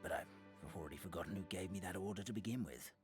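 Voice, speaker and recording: A man voicing a kindly, forgetful old paper grandfather in a game cutscene, gentle and chuckling, with old-fashioned blessings. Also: deep voice, fast, lightly acted. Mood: sorrowful. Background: soft game music.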